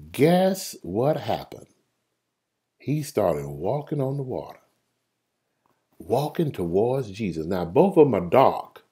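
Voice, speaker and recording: Guy preaching on a livestream, swoops all over in pitch, jokes around, calls out viewers by name. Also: slightly rough. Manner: lively, joking, colloquial storytelling; talks straight to listeners by name. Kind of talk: livestreamed sermon talking to online viewers.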